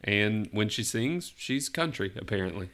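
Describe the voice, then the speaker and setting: A man's voice: lowish voice, lively intonation, normal speed, fairly bright tone. A man hosting a casual podcast, running a guessing game and giving teasing hints with chuckles. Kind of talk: casual chat.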